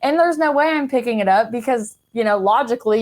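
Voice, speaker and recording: A woman's voice: a little high, brisk, hardly any pauses. Chatty young woman telling her story. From Kansas City, Missouri, US. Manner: frank and chatty, heavy use of "like", casual swearing. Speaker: podcast guest. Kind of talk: candid personal storytelling in a casual chat.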